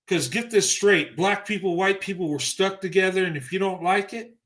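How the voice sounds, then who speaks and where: High, bright-voiced ranting man. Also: moderate pace. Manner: emphatic and profane, heated. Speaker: livestream commentator. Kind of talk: ranting opinion monologue.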